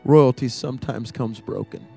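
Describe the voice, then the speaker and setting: A male campus ministry preacher giving a sermon in a church, telling stories dramatically and building to loud peaks. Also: medium pitch, moderate pace, gravelly, soft background music.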